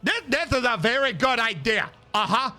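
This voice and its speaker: A man streaming a video game, reacting with sarcastic, excitable commentary and frequent swearing. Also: extremely high pitch, normal speed. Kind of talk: let's-play commentary.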